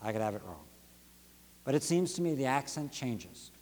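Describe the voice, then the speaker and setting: A pastor delivering a sermon with rhythmic, dynamic preaching that swings from near-whisper drops to rising emphatic peaks. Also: male voice, mid-range voice, very animated, moderate pace, a little mellow, big-room sound. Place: church sanctuary.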